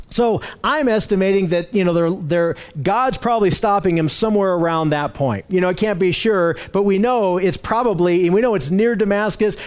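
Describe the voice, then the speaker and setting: A man's voice: sits high, a little mellow. A man giving a verse-by-verse Bible teaching in a conversational way, with frequent fillers and restarts as he explains the text word by word. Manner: explains word by word, using slides.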